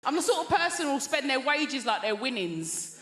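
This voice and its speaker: A woman's voice: high-pitched, big pitch swings, normal speed. An English woman in her thirties doing stand-up comedy in a chatty, confiding way, full of tag questions. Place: large theatre stage. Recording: echoey theatre with loud crowd noise.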